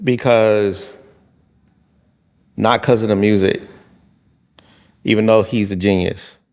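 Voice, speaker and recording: A man with a fairly low voice tells a long personal story on a podcast. He is in his forties and talks casually, stopping and restarting his sentences often and leaning on fillers as he goes. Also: gravelly. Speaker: podcast co-host. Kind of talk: casual chat.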